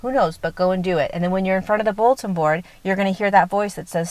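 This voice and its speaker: A woman's voice: medium pitch, fast, few pauses, darkish tone, no echo. A woman giving a conversational spiritual teaching talk, direct and earnest, often checking in with the listener. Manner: conversational, checks in with "okay?" and "right?".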